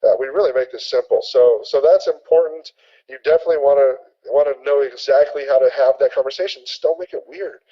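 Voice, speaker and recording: A man teaching a sales training webinar, energetic and repetitive, acting out sample conversations. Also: mid-range voice, quick pace, muffled recording.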